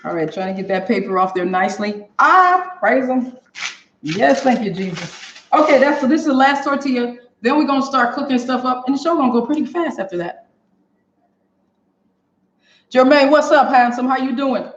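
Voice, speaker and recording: A woman hosting a live cooking demo from her kitchen, talking straight to viewers and laughing often. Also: mid-range voice. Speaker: cooking show host. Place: home kitchen. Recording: echoey kitchen, dull lo-fi sound.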